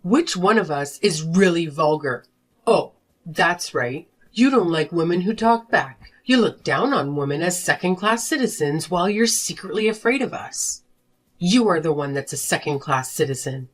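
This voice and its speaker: A woman voicing a furious wife and mother who confronts her selfish husband in an animated drama. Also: fairly low pitch, moderate pace. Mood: confrontational. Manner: sharp, accusing, confrontational. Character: fed-up wife and mother demanding divorce. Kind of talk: animated story voice acting.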